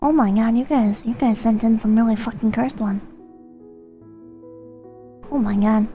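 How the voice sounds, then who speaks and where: High-voiced woman reading in soft ASMR. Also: unhurried, soft background music. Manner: irreverent, swears, mock-solemn reading of messages. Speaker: streamer host.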